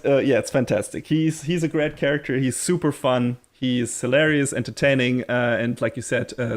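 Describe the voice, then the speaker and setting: A man co-hosting a podcast, chatting enthusiastically, laughing often and swearing casually. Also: mid-range voice. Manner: frequent fillers and restarts. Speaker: podcast co-host. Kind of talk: casual chat.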